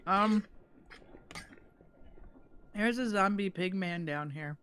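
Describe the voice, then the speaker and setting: Host type, woman, unhurried and chatty, casual stream talk. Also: medium pitch, fairly bright tone, smooth, faint music behind. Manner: slow, rambling, chatty. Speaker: livestream host. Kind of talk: casual chat while gaming over dinner.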